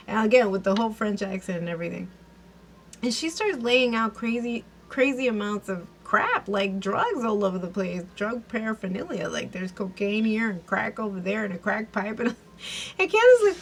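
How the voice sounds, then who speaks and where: A woman's voice: mid-range voice, expressive, normal speed, a little hiss or hum, low-quality recording. Chatty, giggly woman recapping an episode. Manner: chatty, giggly, many fillers and restarts. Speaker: TV episode reviewer. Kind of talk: casual recap and commentary.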